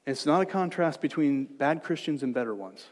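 A man with a high voice preaches a sermon to his congregation. He drops to soft, gentle reassurance, then rises to loud, emphatic exhortation. His voice rings in the long reverb of a church sanctuary. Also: animated, fairly quick. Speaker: pastor.

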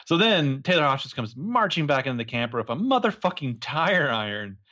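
A man's voice: a little fast, dull audio. A man co-hosting a casual podcast chat, recapping a TV episode and acting out the characters' lines. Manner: animated, acts out characters' lines with big pitch jumps.

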